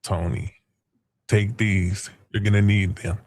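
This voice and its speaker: Brief: livestream host, male, low voice, mocking trash talk, swears freely. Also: fairly even intonation, slow pace, a little mellow, no room sound. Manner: taunting, trash-talking chat users; crude, profane slang. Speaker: stream host. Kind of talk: casual livestream chat.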